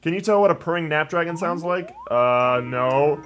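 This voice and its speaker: A man's voice: a little high, moderate pace, hardly any pauses, a bit bright. A young man hosting a let's play, chatting in a rambling, jokey way and reading game dialogue aloud. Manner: rambling, jokey, reads game text in voices. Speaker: gaming channel host. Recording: faint background game music.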